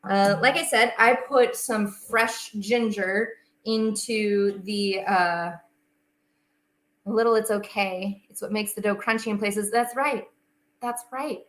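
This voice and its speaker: A woman's voice: medium pitch, steady tone, slow, a bit bright, echoey room, rough recording. A young woman hosting a casual baking livestream from her home kitchen, chatting and answering viewers' comments as she works.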